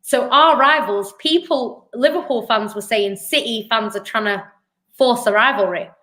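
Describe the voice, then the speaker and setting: A woman's voice: fairly high pitch, normal speed, fairly bright tone. A woman co-hosting a live football fan show, making her case in a chatty, argumentative way. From Manchester, England. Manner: chatty, argumentative, lots of "do you know what I mean". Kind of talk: casual live-stream football chat.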